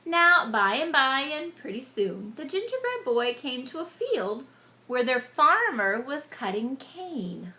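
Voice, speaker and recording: A woman reading a picture book aloud to children, animated and stopping to explain words to them. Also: high-pitched, slow. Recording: echoey room.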